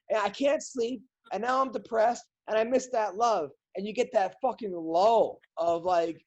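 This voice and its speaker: Animated swearing comedian on a podcast. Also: male voice, sits high, normal speed, few pauses, dull audio. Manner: animated storytelling, swears a lot. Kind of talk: casual podcast chat.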